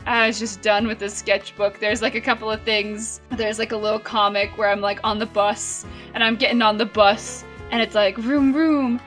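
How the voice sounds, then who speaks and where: A woman's voice: fairly high pitch, sharp tone. A young woman in her twenties chatting casually and rambling as she shows her old sketchbook, with lots of fillers. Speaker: vlogger. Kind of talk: casual chat.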